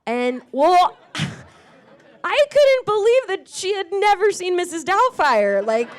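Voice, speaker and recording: A woman comedian doing a stand-up set in a comedy club, delivering dark punchlines deadpan and teasing the crowd. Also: extremely high pitch, takes it slowly.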